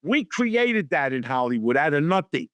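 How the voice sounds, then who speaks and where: Middle-aged New guy, raised pitch, bone-dry mic, lively raconteur doing voices for everyone he quotes. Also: normal speed, no echo. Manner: animated storyteller acting out quotes in voices. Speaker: guest. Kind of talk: storytelling interview.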